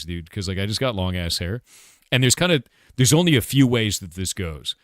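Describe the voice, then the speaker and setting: A man's voice: lowish voice, expressive, fairly quick, a bit bright, dry recording, clean studio sound. A man in his forties, a game developer and streamer, chatting casually, rambling, laughing often and swearing offhandedly. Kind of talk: casual livestream chat.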